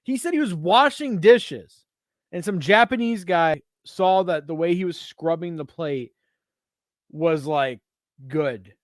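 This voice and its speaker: A man's voice: on the high side, animated, slow, dry recording, studio quality. A man co-hosting a casual chat, crude and joking, often slipping into silly voices. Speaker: podcast co-host.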